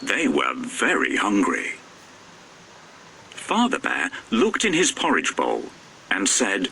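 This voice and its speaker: A man reads a children's story aloud in a sing-song, expressive voice. His pitch swoops widely and his pace stays slow and careful. The tone is fairly low but bright, with faint noise behind. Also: creaky. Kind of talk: storybook narration.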